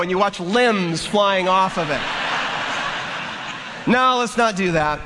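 A man preaching a sermon, telling a funny story in an animated way and acting out the characters. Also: sits high, normal speed. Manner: animated, acts out the story with comic voices. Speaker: pastor. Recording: long hall reverb, faint room noise.

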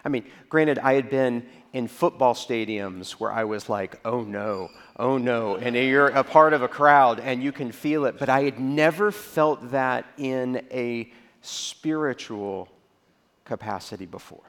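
A pastor preaching in a conversational way. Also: male voice, a little slow, a bit bright. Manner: conversational storytelling, acts out reactions in a low voice. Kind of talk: sermon.

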